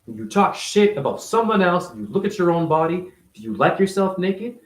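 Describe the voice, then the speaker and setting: A man with a fairly high voice preaches at the listener in a profane, confrontational rant. His pitch swings widely as he fires off one rhetorical question after another. The recording has a roomy echo. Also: very animated, normal speed. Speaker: self-styled spiritual teacher. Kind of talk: ranting monologue to camera.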